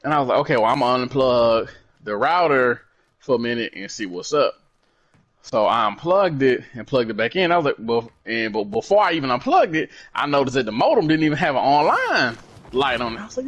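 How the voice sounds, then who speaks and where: A man co-hosting a podcast, telling a story in a casual, swearing, animated way. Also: mid-range voice, brisk. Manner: animated, swears freely, acts out quoted dialogue. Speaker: podcast co-host.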